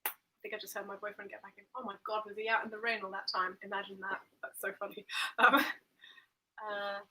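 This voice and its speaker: A woman's voice: medium pitch, little pitch movement, fairly quick, sharp tone, poor audio. A woman chatting casually while baking in her home kitchen, giggling, exclaiming and swearing at the cake, picked up by a built-in device mic rather than a proper microphone. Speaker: streamer. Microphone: built-in device mic, not the headset mic.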